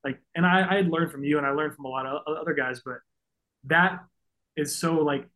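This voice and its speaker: A man's voice: a little high, steady tone, brisk, pushed and bright, rough recording. A man in his thirties speaks in a slightly raised voice as a podcast guest. He sounds earnest and openly moved, with plenty of "like" and restarts. The tone is loose and conversational. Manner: earnest, openly emotional, many fillers. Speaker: guest, pro baseball pitcher. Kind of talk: casual podcast interview.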